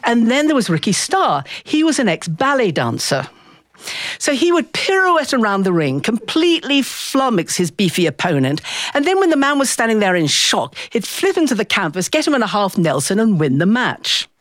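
Woman storyteller, animated delivery, slightly high voice, dry close sound, acts out the voices. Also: moderate pace, no room sound. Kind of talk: personal storytelling.

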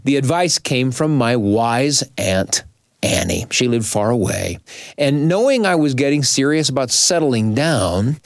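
A male host reflects in a calm, measured voice with a lively rise and fall in pitch. He speaks at a mid pitch and keeps a thoughtful, unhurried tone. The recording is close and dry. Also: no room sound. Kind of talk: reflective radio commentary.

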